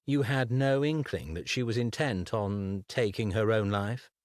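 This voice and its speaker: A man voicing a composed, inquisitive gentleman magician who asks crisp, probing questions. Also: on the low side, unhurried, dry recording, clean studio sound, close to an everyday voice.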